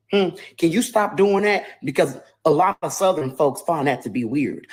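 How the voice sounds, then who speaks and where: A commentator mocking in sarcastic commentary, firing rhetorical questions. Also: medium pitch.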